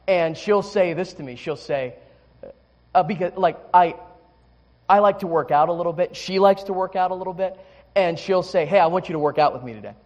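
A male pastor with a notably high, light voice delivers a sermon in a candid, conversational way. He stumbles through restarts and fillers while telling a personal story, then settles into teaching. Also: a little fast, a little mellow, highs cut off.

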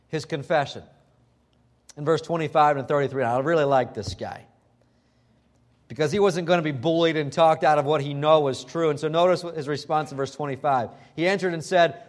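A man preaching a sermon emphatically, weaving in scripture quoted in old-fashioned wording. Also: on the high side.

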